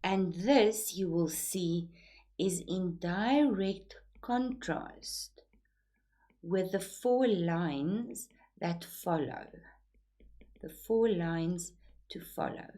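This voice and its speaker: A woman, teaching a poem, explaining it slowly and deliberately while switching between two languages. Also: lowish voice, lively intonation, warm tone.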